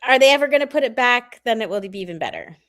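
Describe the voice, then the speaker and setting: A woman's voice: on the high side, animated, quick pace, a bit bright. A woman co-hosting a casual chat, throwing in quizzical, teasing asides. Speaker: co-host.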